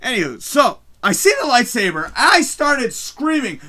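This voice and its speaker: A man hosting a live stream from his home, ranting excitedly about a show, swearing constantly and shouting at the big moments, his mic distorting when he gets loud. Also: extremely high pitch, unhurried. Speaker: livestream host. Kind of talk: excited live review rant. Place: home room, early morning.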